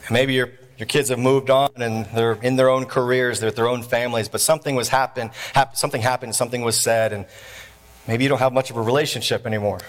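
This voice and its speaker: A man preaching a sermon in an animated, jokey way, laughing often between points. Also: medium pitch, fast. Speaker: pastor.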